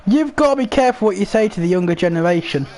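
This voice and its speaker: A young man talks in a loose, rambling way, swearing often. His voice sits high and leaps about in pitch. He sounds animated. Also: quick pace, crowd noise. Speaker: host. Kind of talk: casual chat while playing a football game.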